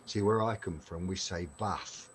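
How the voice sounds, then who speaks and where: Deep-voiced chatty English man. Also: moderate pace, slight background noise. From Derbyshire, England. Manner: chatty, laughs often, many fillers. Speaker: live stream host. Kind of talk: casual live stream chat.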